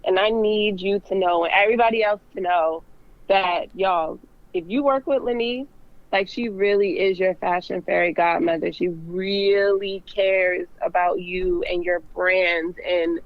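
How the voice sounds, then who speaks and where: A woman's voice: medium pitch, fairly even intonation, measured pace. A woman fashion designer speaks earnestly and from the heart, with frequent "like"s and "um"s. She is on a remote call, so her voice comes through dull and muffled. The sound is dry and close, with no room echo. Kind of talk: casual interview chat.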